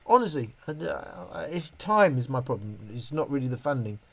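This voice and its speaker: A middle-aged live streamer with a brisk, sing-song, mid-range voice reads out viewer comments and replies in a rambling, self-interrupting way, restarting often. There is a little hiss or hum in the audio.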